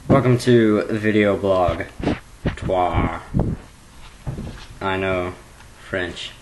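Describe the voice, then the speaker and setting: A man's voice: fairly low pitch, unhurried, noisy background. A teenage boy chatting casually at home into his webcam, rambling and joking and prone to giggling. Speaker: vlogger.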